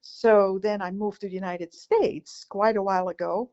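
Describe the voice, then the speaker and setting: A woman's voice: mid-range voice, fairly even intonation, normal speed, a little mellow, dull audio. A Dutch-accented woman in her sixties, co-hosting a podcast in a joking, teasing way and often laughing. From Netherlands. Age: 60s. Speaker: podcast co-host. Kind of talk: casual chat.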